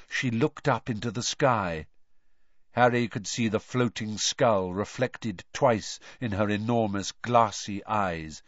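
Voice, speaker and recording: A man reading an audiobook aloud with expressive, lively storytelling. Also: medium pitch, no room sound. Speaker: narrator. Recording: dry, dull lo-fi recording.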